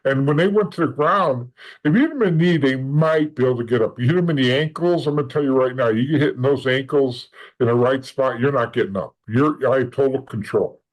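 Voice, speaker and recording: A man's voice: mid-range voice, fairly quick, poor audio. Rambling, blunt man telling his story. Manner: rambling, with many restarts and repeated words; blunt and matter-of-fact. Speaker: podcast guest. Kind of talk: casual storytelling interview.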